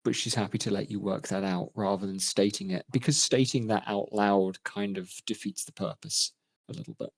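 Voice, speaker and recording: A man narrating as game master of a tabletop game, measured and thoughtful, with frequent ums. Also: fairly low pitch, fairly even intonation, vocal fry, no echo.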